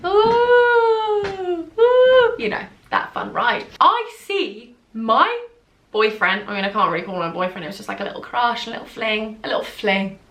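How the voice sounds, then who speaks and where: A woman's voice: medium pitch, lively intonation, fairly quick, sharp tone, highs cut off. A young woman telling a funny story to camera in a chatty, giggly way, acting out what others said. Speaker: beauty vlogger. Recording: echoey room.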